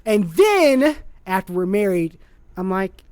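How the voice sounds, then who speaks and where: A woman co-hosting a casual podcast chat, her pitch swinging widely as she spins an animated story. She acts out little scenes and laughs often. The recording is close and dry. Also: fairly quick, no room sound. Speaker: podcast co-host.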